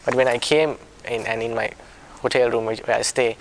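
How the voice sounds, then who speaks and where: Soft-spoken man leading a small group. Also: mid-range voice, steady tone, a little fast. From a warm-climate country. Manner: soft-spoken, apologetic, many restarts. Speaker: discussion leader. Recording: background noise.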